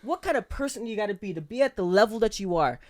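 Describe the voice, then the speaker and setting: A man's voice: sits high, animated, fast talker. A young man co-hosting a casual podcast chat, swearing constantly and rambling with emphasis. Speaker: podcast co-host.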